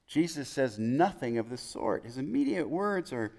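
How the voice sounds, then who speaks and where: A man preaching a sermon as pastor in a chapel, building through emphatic lists and dropping to soft, hushed quotes. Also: mid-range voice, sing-song, moderate pace, gravelly.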